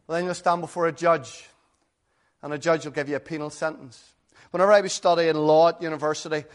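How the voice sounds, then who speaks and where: A man preaching a sermon in an earnest, conversational way, full of rhetorical questions. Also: on the high side.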